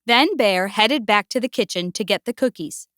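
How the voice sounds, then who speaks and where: A woman gently and expressively reading a picture book aloud. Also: medium pitch, lively intonation, normal speed, no room sound, clean studio sound. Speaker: storyteller.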